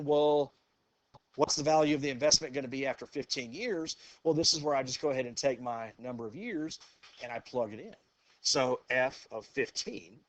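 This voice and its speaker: A man teaching a math class, talking the students through a problem in a relaxed way. He says "okay" and "go ahead" again and again and puts questions to the class. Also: mid-range voice. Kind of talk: classroom lecture.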